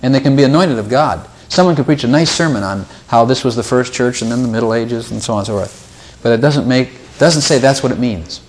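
A man's voice: medium pitch, a little fast, hardly any pauses, a little mellow. A man leading an informal Bible study, talking things through casually, repeating words and lifting his voice when he quotes scripture.

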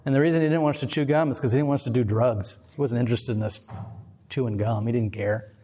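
A man's voice: mid-range voice, fairly even intonation, quick pace, dark tone. Guy preaching a laid-back sermon, rambly and chuckly, big hall echo. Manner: rambling, digressive, chuckling asides. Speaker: pastor. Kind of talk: casual conversational sermon. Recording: long reverb of a hall.

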